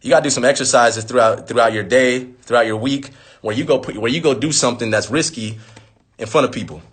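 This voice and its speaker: A man's voice: mid-range voice, quick pace. A man in his thirties on a live stream, talking casually and telling a story with lots of swearing and acted-out quotes. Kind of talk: casual livestream talk. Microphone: phone on a live stream.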